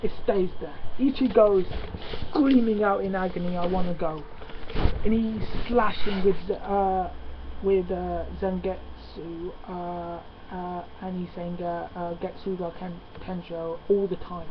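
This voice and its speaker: Excitable man, lo-fi noisy recording. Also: high voice. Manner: excitable, halting with many fillers. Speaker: manga reviewer. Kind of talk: casual spoken review. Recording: lo-fi with steady background noise.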